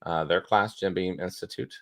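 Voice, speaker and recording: A man's voice: low voice, steady tone, moderate pace, dry recording. A man co-hosting a casual live stream, chatting loosely with frequent restarts and filler words. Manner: rambling, restarts with many uhs. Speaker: co-host.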